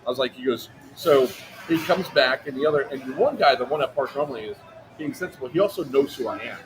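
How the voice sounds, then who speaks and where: Fast-talking man with event noise behind. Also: medium pitch. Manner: animated, profane, acts out quotes in a raised voice. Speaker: livestream co-host telling a story. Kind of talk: casual storytelling chat. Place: outdoor airsoft event.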